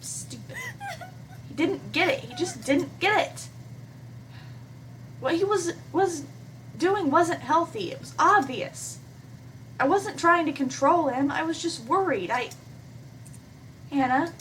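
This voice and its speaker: A woman hosting a game playthrough, reading a visual novel aloud in an expressive, animated way and adding her own comments. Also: high-pitched, measured pace, pauses often, distant mic, low-quality recording. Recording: voice from away from the mic with faint hiss.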